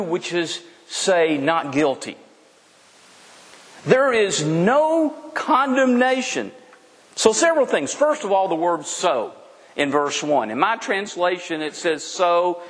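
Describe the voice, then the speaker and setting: A man's voice: high-pitched, fairly bright tone. A man preaching a sermon, emphatic and repetitive, asking the congregation rhetorical questions. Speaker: pastor. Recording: long hall reverb.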